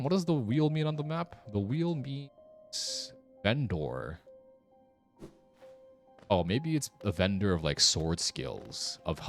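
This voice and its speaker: Man, streamer, casual gameplay commentary, wry, sarcastic muttering, deep voice. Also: vocal fry.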